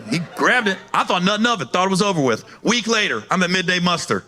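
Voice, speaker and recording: A man's voice: sits high, expressive, fast talker, bright, forceful tone. A man performing stand-up comedy, telling a profane story and laughing between his lines.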